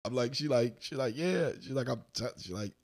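A man's voice: medium pitch, brisk. A man co-hosting a podcast, telling a long story in casual profane chat and acting out the other people's lines. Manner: animated, profane, voices other people in quotes. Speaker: podcast co-host.

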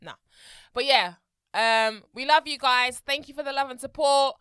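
A woman's voice: high-pitched, moderate pace, pushed and bright, dry recording. A woman co-hosting a podcast, chatting casually and laughing as she tells stories. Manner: laughs while telling stories. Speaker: podcast co-host. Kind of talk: casual chat.

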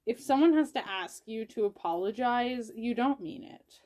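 A young woman with a slightly high voice chats on her podcast. She slips in dry, deadpan quips as her friend tells the story. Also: moderate pace, rough recording. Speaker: podcast co-host. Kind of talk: casual chat.

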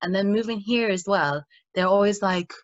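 A woman's voice: medium pitch, normal speed, dry recording. A young woman from Ireland with a mixed Irish accent that has American touches. She chats casually and acts out the people she quotes. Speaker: guest, actress. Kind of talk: casual conversation. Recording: muffled dull sound.

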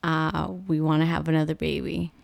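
Vlogging mom in her thirties, candid and heartfelt; smooth, dry voice. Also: sits low, monotone, normal speed, dry recording. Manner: earnest and open, with frequent fillers. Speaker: vlog co-host, mother. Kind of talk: candid personal vlog talk.

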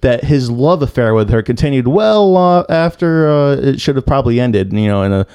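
A man's voice: mid-range voice, expressive, moderate pace, darkish tone, smooth, dry recording. A young man hosting a casual true-crime podcast, joking and swearing as he tells the story. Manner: joking, profane, playful, breaks into silly singing. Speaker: podcast host.

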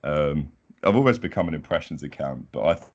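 A young man, a podcast guest chatting casually in a relaxed, modest, unhurried way. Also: rumbling low, muffled recording. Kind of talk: casual chat.

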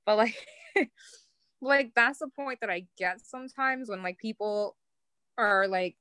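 A woman's voice: fairly high pitch, unhurried, sharp tone, clear, resonant tone, no room sound. A young woman from New York with a New York accent, a podcast guest telling stories in casual chat, with many 'like' fillers. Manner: storytelling with heavy 'like' fillers.

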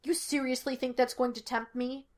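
A woman's voice: high-pitched, level tone, normal speed, voice pushed up, natural voice. A woman reading the lines of a nervous young male sidekick who protests anxiously and dryly.

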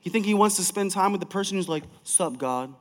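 A man preaching a sermon as pastor of a large church, emphatic and energetic, swinging from loud to soft. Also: sits high, very fast, long reverb tail.

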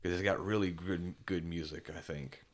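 A man's voice: deep voice, steady tone, moderate pace. A man co-hosting a podcast, chatting casually and enthusiastically, rambling with many restarts. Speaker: podcast co-host. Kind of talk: casual chat.

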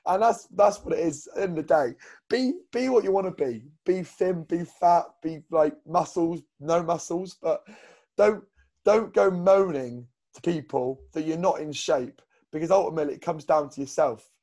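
A man's voice: a little high, normal speed, a little mellow. A man co-hosting a casual fitness podcast as a coach, blunt and rambling with lots of fillers.

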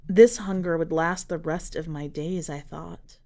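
A woman narrating a dark short story for a fiction podcast in a measured, dramatic reading style. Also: low-pitched, steady tone. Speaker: podcast editor and reader.

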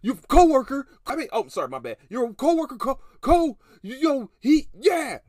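A man's voice: very high-pitched, big pitch swings, normal speed, a little mellow, no room sound, clean studio sound, pitched above the performer's own voice, heavily acted. A man mimicking a flustered grown man boss who stammers and sputters through a tantrum. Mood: stammering.

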